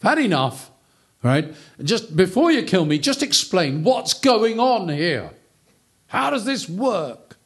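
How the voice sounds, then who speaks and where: A man's voice: sits high, very animated, slow pace, slightly rough, voice pushed up, heavily acted. A man voicing Job, a long-suffering man, weary and pleading. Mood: exasperated.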